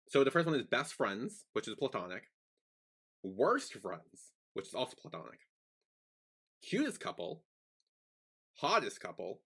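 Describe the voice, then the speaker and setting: A young man co-hosting a casual podcast, rambling and animated with lots of fillers and restarts. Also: mid-range voice, husky. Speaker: podcast co-host. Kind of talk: casual chat.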